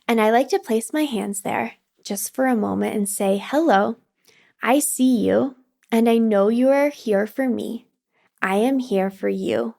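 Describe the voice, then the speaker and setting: A woman hosting a wellness podcast, guiding listeners through grounding and breathing practices in a slow, soothing way. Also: medium pitch, darkish tone. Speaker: podcast host and wellness coach. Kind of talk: guided practice, calm instruction.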